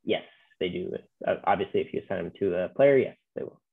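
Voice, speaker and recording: A man explains software steps in a laid-back way, pausing on fillers as he goes. His voice sits a little low. It comes through a thin, phone-like line. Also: vocal fry, breathy edge. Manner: relaxed, many fillers. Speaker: software trainer. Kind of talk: webinar walkthrough.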